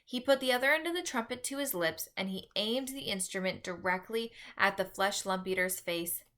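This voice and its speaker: A woman teacher reading a children's book aloud with expressive, dramatic narration. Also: medium pitch, normal speed. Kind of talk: read-aloud storytelling.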